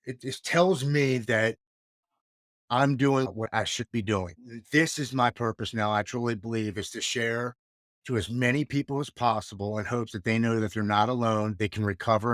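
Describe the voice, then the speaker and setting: A man's voice: mid-range voice, fairly bright tone, dry recording. Earnest man in his forties, dry sound. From United States. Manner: earnest, heartfelt, reflective storytelling. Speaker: podcast guest. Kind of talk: candid interview conversation.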